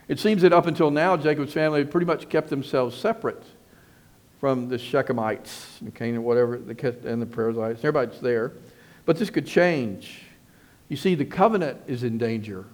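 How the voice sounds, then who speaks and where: A middle-aged man preaching a sermon at a mid pitch. He is earnest and emphatic, hammering points home by repeating them. His phrases often restart as he works toward what he wants to say. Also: a little mellow. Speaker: pastor.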